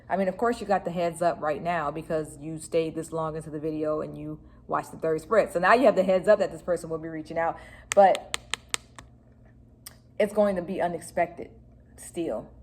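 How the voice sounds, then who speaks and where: A woman's voice: low voice, fairly even intonation, normal speed, a little mellow. A woman giving a casual tarot reading to camera in a chatty, filler-heavy way, talking straight to her viewers. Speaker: tarot reader.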